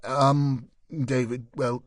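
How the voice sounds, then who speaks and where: A man's voice: mid-range voice, flat delivery, very slow, no echo, studio quality. A male narrator voicing an irritable gym-owning husband who answers in a curt, growling way. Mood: defensive.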